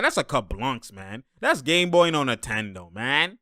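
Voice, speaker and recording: A man casually breaking down basketball plays as the host, animated and quick to act out what players say. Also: medium pitch, no echo, clean studio sound. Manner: animated, quotes players in put-on voices. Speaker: sports commentator.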